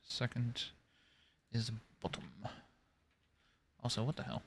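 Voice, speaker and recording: Man, casual gameplay commentary, slow and rambling, talks to himself, middle pitch. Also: flat delivery, fairly bright tone, slight background noise. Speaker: gaming video creator.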